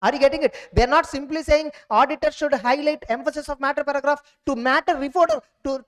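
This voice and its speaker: A woman giving an exam revision lecture, drilling points and often checking that students follow. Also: sits high. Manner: drilling, keeps checking understanding with quick questions. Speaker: teacher.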